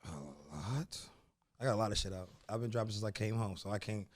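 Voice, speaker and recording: A man's voice: lowish voice, steady tone, fast. A man from the Bay Area, a guest rapper talking casually in a studio interview with loose street slang.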